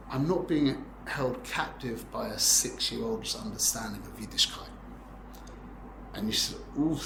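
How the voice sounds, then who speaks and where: A man's voice: medium pitch, gravelly, noisy background. Man in his forties teaching, roomy echo. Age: 40s. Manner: rambling, conversational, peppered with "yeah?" checks. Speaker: Torah teacher. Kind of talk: informal class lecture.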